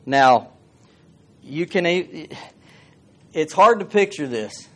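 A man's voice: fairly high pitch, expressive, slow pace, pauses often, fairly bright tone. A man preaching a sermon, reading scripture and asking the congregation questions in a folksy way.

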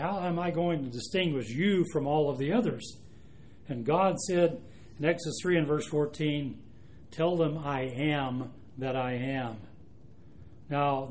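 Guy preaching a sermon, kinda high voice, leans hard on the quotes, bit of hiss behind. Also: a little mellow. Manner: emphatic, slows down to stress quoted scripture.

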